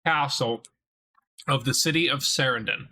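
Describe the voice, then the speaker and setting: A man running a tabletop game from home, swearing casually in chat and slowing into scene narration. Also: mid-range voice, pushed and bright, poor audio. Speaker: game master. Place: home, with a child nearby.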